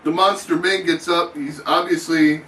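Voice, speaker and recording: A man doing excitable, profane mock wrestling play-by-play commentary in an announcer's patter. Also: fairly high pitch, moderate pace, far from the mic. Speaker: channel host. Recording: echoey room, off-mic, faint noise.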